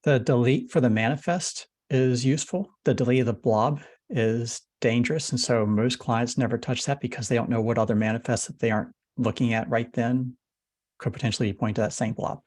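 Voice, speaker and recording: A man runs a casual technical discussion over a video call, keeping his voice in a flat monotone. His pitch sits mid-range, and the sound is close and dry, with no room echo. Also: a little fast. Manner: self-described monotone delivery. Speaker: meeting lead.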